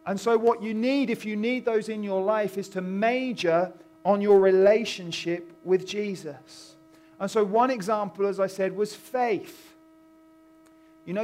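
A man preaching a sermon in a conversational, animated storytelling way, acting out voices. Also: high-pitched. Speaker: pastor.

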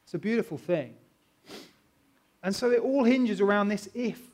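Earnest pastor, slightly high voice. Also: male voice, measured pace. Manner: earnest, animated preaching with loud and soft swings. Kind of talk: sermon.

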